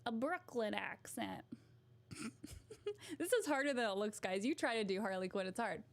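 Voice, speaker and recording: A woman's voice: mid-range voice, expressive, a little fast. A woman vlogger chatting casually to camera, giggly and poking fun at herself. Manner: giggly and self-mocking.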